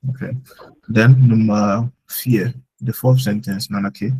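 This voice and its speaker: A man's voice: lowish voice, steady tone, measured pace, a little mellow, breathy edge, low-quality recording. A man teaching German in a live online lesson, explaining patiently with lots of "like" fillers.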